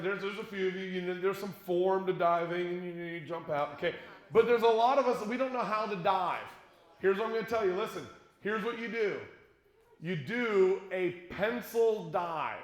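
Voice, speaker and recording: Male youth speaker with a high voice; lively, jokey storyteller to middle schoolers, recorded in a roomy church space. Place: church conference room with an audience. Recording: echoey room.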